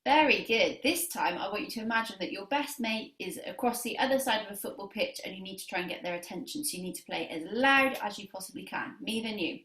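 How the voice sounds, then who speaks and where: A woman's voice: mid-range voice, animated, fast talker, hardly any pauses, sharp tone, roomy sound. A woman teaching a beginner clarinet lesson on video, counting students in and giving lots of praise. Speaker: music teacher.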